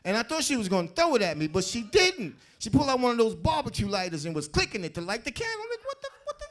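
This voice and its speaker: A male stand-up comedian tells streetwise stories from a club stage. His voice is high for a man. His delivery is animated. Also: fast. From South Bronx, New York.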